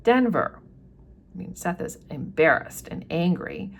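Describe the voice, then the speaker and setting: Lady teacher talking thru a novel chapter, casual and explain-y, kinda low voice. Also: very animated, a little slow, creaky, a little hiss or hum. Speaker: literature teacher. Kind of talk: chapter-by-chapter book commentary.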